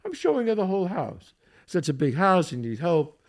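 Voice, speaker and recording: A man's voice: high-pitched, a little fast. An older man hosting a podcast, telling a story in casual chat and acting out what everyone said, laughing often. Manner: animated storyteller, acts out quotes, laughs a lot. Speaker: podcast host.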